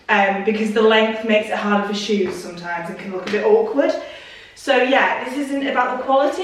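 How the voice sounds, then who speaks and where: A young woman chatting casually in a try-on vlog, repeating "really" for emphasis. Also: medium pitch. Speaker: fashion vlogger. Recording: roomy and distant with faint noise.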